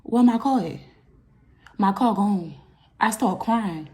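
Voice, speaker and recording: Speaking at a slow pace, this young vlogger shares a personal story in a casual storytime video. Her delivery is animated, and when something upsets her, her voice leaps into loud, high bursts.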